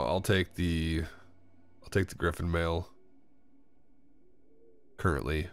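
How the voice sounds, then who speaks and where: A man giving casual let's-play commentary, rambling, swearing freely and talking to himself and the game characters. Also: low voice. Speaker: gamer playing a video game.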